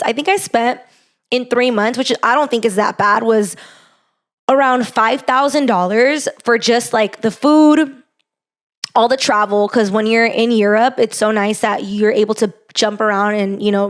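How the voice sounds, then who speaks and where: A young woman hosting a podcast, telling a personal story in a chatty, heartfelt way, full of fillers. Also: a little high. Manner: chatty, heartfelt, lots of "like" and "you know". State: gets emotional. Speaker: podcast host.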